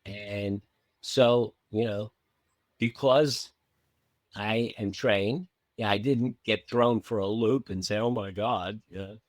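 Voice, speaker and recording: A man's voice: fairly low pitch, slow, no room sound. A man who works as a meditation coach, telling a story in conversation and acting out the lines of the people in it. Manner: animated, acts out quoted dialogue.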